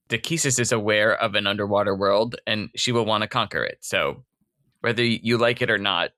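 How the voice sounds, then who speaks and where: A man co-hosting a podcast, summarizing a book in a relaxed chat and laughing often. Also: fairly low pitch, dry recording, clean studio sound. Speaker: podcast co-host. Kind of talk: casual book-recap chat.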